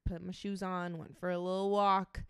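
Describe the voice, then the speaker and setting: Low-voiced young woman, dry sound. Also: moderate pace, clean tone, dry recording. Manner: relaxed, filler-heavy speech with many "like"s. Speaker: podcast co-host. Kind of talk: casual chat.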